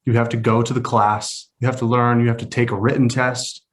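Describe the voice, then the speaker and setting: A man's voice: medium pitch, flat delivery, fairly quick. A man co-hosting a casual business podcast. He explains things step by step. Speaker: podcast co-host.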